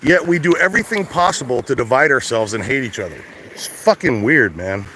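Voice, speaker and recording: A man from the States talks in a blunt, rambling way, swearing freely as he vents. His voice sits at an ordinary middle pitch. He is outdoors by the water, with a faint hiss of background noise. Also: lively intonation, fairly quick, fairly bright tone, poor audio. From United States. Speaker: vlogger. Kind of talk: casual outdoor rant to camera. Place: outdoors at a shoreline at high tide.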